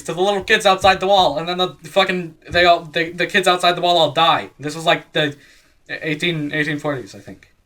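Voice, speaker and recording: Man, comic storyteller, high voice, bright tone, rambling, swearing, laughing. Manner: rambling, swearing, quick voice changes for quoted characters. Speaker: comedy storyteller. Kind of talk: casual comedic retelling of a story.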